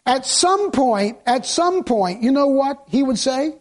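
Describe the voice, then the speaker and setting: High-voiced man preaching conversationally. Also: lively intonation, normal speed, hardly any pauses, a little mellow. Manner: conversational preaching with rhetorical questions and jokes. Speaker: pastor. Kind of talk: sermon.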